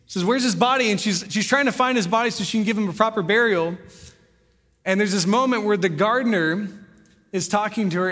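A young man preaching a sermon, reading scripture aloud and retelling it in a relaxed, conversational way. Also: sits high, long reverb tail. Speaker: pastor.

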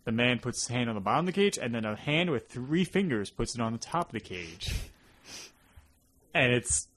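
A man's voice: medium pitch, moderate pace. A young man with a New York accent, co-hosting a casual film podcast and talking in loose, rambling stretches full of "like". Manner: rambling, acts out characters in animated bursts. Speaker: podcast co-host.

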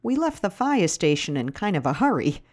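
Woman reads a gentle firefighter, low and soothing, speaking softly to calm someone down. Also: normal speed. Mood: reassuring. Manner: soft, reassuring. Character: calm, kindly male firefighter.

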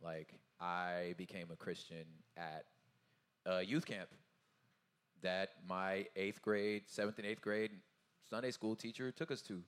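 A man whose voice sits low speaks unhurriedly at a casual conference talkback in an event hall. The touring Christian music artist rambles, repeating "you know what I'm saying" and acting out the people he quotes, and the hall sounds roomy.

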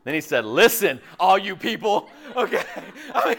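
A pastor giving a casual, jokey sermon, asking the audience questions and laughing often. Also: male voice, high voice, very animated, unhurried, hardly any pauses, fairly bright tone.

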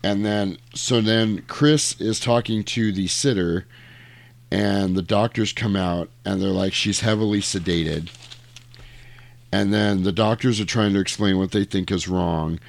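A man's voice: fairly low pitch, fairly even intonation, a little slow, creaky. A man co-hosting a podcast, casually recapping a movie in a rambling, profane way. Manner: rambling, profane, jumps between tangents and quoted lines. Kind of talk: casual chat.

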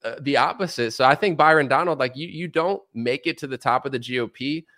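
A man's voice: medium pitch, a little fast, sharp tone. A man hosting a podcast in casual political chat, loose and sarcastic, cracking jokes. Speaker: podcast host.

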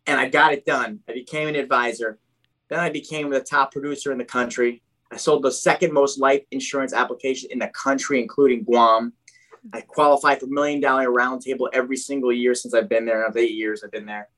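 A young man guesting on a podcast relates his story in a loose, excited way, frequently using "dude" and rebooting his sentences. His pitch is medium, and he speaks a little fast.

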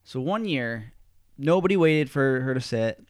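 A man hosting a podcast drifts through a long story in easy, filler-heavy chat. His voice is smooth and clear, recorded dry and close to the mic. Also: medium pitch, expressive, measured pace, dry recording. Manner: rambling storyteller, lots of fillers. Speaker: podcast host. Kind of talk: casual chat.

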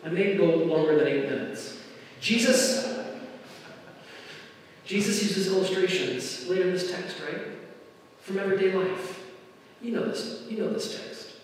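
A pastor giving a conversational sermon to his congregation, his delivery swinging between loud emphasis and quiet asides. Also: high-pitched, unhurried, pauses often, a little hiss or hum. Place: church sanctuary. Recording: echoey hall, mic at a distance.

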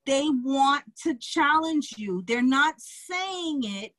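A woman's voice: sits high, expressive, slow pace, fairly bright tone, no echo. A woman from the Bronx with a New York accent, giving a casual tarot reading, blunt and checking in with "okay?" and "right?" as she goes. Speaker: tarot reader.

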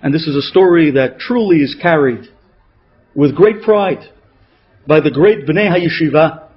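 A man, a rabbi, delivering a sermon as an emotional story, with a dramatic delivery that swings between loud peaks and hushed moments. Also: a little high, a little slow, slightly rough. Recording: dull lo-fi radio recording.

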